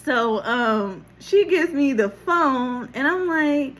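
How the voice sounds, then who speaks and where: A woman recording herself on her phone, telling a personal story in a casual, animated way, laughing often and acting out what people said. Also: sits high, slow pace, hardly any pauses, slight background noise. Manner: animated, laughing, acts out quotes, casual swearing. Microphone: phone camera.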